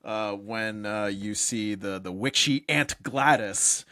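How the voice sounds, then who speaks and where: A man co-hosting a casual podcast chat, animated and profane, laughing often. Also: lowish voice, slow pace. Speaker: podcast co-host.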